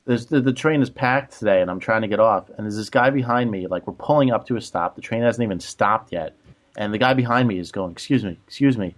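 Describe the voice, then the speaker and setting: A man's voice: on the low side, brisk, a bit bright. A man co-hosting a casual podcast, telling exasperated stories about rude strangers, full of "like" fillers. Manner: exasperated storytelling, many "like" fillers. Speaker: podcast co-host.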